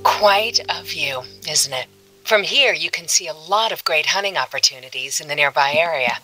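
A helpful female game guide with a low, bright voice that swings freely in pitch. Her hints come out friendly and informative, as a video game narrator would give them. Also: expressive, moderate pace, soft background music, rough recording.

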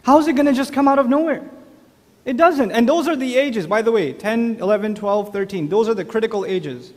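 A man giving an animated religious talk, telling stories and putting questions straight to his audience. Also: extremely high pitch, a little fast, big-room sound. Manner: animated storyteller, addresses the audience directly with questions. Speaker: speaker at an Islamic lecture. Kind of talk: lively conversational religious talk.

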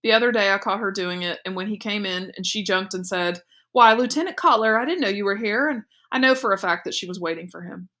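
A woman's voice: mid-range voice, fast, hardly any pauses, bright, forceful tone. A woman reading aloud, voicing an eager, insistent young boy in an audiobook.

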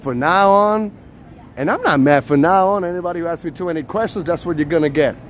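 A man's voice: a little high, animated, fast talker. A man from Puerto Rico chatting playfully with viewers while walking city streets at night, filmed on a handheld phone. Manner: playful, teasing chat with viewers, bursts of loud shouted names. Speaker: livestream host. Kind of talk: live street vlog chat. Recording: faint street noise outdoors. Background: street and traffic noise.

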